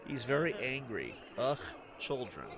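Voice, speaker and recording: A man giving casual gameplay commentary as a streamer, excitable and sarcastic, swearing and laughing often. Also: medium pitch, measured pace, crowd noise. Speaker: gaming streamer.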